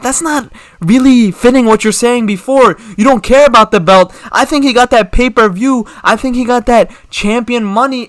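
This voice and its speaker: A man's voice: high voice, a bit bright, no echo. A young man hosting his own channel, giving casual, slangy opinion commentary full of rhetorical questions. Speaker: MMA commentary channel host.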